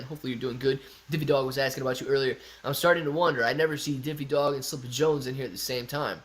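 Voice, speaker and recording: A man's voice: mid-range voice, fairly bright tone. A man hosting a casual livestream, playfully reading chat messages aloud and stumbling through tongue twisters. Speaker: livestream host.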